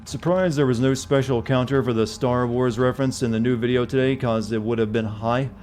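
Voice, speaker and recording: Male streamer, easy mid-pitched voice, loose rambling commentary, lots of self-deprecating quips. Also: fairly even intonation, brisk, a little mellow, faint music behind. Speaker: game streamer. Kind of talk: casual gameplay commentary.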